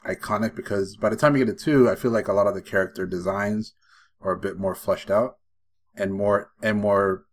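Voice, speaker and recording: A man's voice: on the low side, fairly even intonation, brisk. A man co-hosting a podcast, speaking in a casual, tentative way that often trails off. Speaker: podcast co-host. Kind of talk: casual chat.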